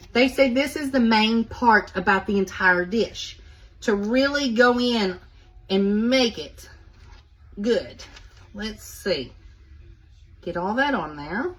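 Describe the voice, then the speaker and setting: A woman's voice: on the high side, a bit bright, low-quality recording. A woman hosting a casual home cooking video, chatting to viewers as she walks them through each step.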